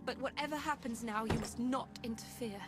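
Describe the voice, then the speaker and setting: An actress voicing a solemn woman in a pirate game who is about to attempt a forbidden ritual, speaking earnestly and gravely. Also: a little high, a little fast, close to an everyday voice. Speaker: game character. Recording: game audio under music.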